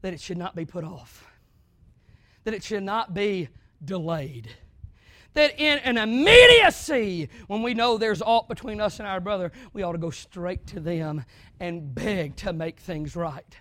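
Brief: high-pitched young adult male preacher, sermon delivery, dry close sound, quiet then shouting. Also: a little slow, dry recording. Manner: dramatic swings from hushed to shouting.

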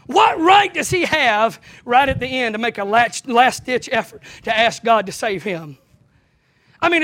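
A man preaching a sermon in a church, impassioned, swinging from shouts to hushed asides, his voice straining close to giving out. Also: very high voice.

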